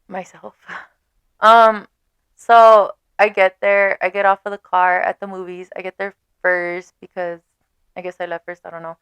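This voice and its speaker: A young woman vlogger telling a dating story in casual chat, animated and swearing, laughing often. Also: mid-range voice, measured pace, smooth, no room sound.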